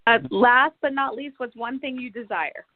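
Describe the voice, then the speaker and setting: A woman's voice: on the high side, no echo. A woman hosting a podcast interview, effusive and encouraging with the guest. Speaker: podcast host. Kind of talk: upbeat interview chat. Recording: tinny phone-line sound, faint noise.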